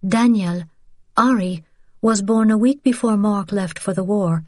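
A woman's voice: medium pitch, unhurried, mellow, dry recording, studio quality, voice pushed up, natural voice. A woman reading the part of a young mother who speaks earnestly and pleads with feeling. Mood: earnest pleading.

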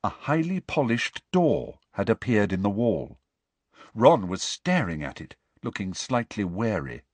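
Male audiobook narrator, low husky voice, lively inflection, dry close sound. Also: measured pace, dry recording. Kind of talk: scripted narration.

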